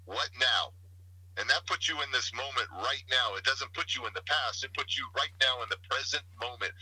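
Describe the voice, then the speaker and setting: A man's voice: medium pitch, normal speed, bright, forceful tone, breathy edge, low-quality recording. A man giving a motivational talk as a podcast guest, preaching in rhythmic slogans and wordplay. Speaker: guest speaker.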